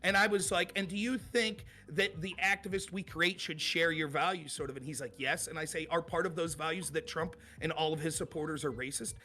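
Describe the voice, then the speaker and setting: A man's voice: on the high side, brisk, hardly any pauses, faint music behind. A man guesting on a podcast, telling debate stories in casual talk and mimicking his opponents. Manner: animated, mimics opponents in quoted voices.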